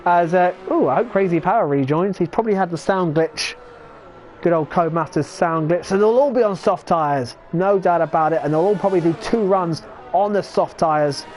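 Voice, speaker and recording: An English man commentating live on an online sim racing league, chatty and excitable, often correcting himself. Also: sits high, moderate pace. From England. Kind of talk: live esports race commentary.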